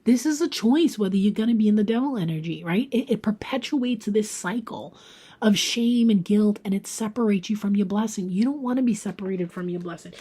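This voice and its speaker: Woman doing a tarot reading, warm low-key tone, bit husky, chatty, talks right to the viewers. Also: fairly quick. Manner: chatty, emphatic, talks straight to viewers as "guys". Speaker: tarot reader. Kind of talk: casual pick-a-card tarot reading.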